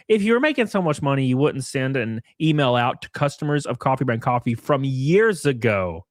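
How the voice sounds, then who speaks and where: A man's voice: mid-range voice, expressive, brisk, hardly any pauses, no echo, clean studio sound. A man hosting a casual commentary stream, mocking and profane, who laughs often at what he reads out. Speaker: streamer host.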